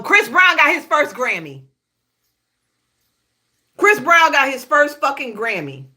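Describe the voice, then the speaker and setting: Southern woman from houston spilling tea, bright punchy voice, cusses and cracks up a lot. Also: high voice. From Houston, Texas. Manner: sassy, profane, laughing asides, addresses viewers as y'all. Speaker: gossip show host. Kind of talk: casual gossip monologue.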